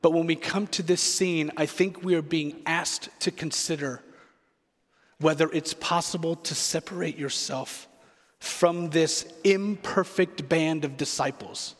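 A man's voice: on the high side, steady tone, unhurried, long reverb tail. A man preaching a sermon as a pastor, reflective and earnest, repeating key phrases for weight.

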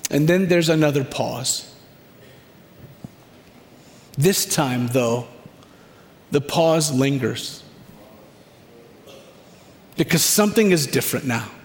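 A man preaching, leading listeners through a scripture scene in the second person, with a reflective manner and dramatic pauses. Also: on the high side, animated. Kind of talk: guided scripture meditation. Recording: long hall reverb.

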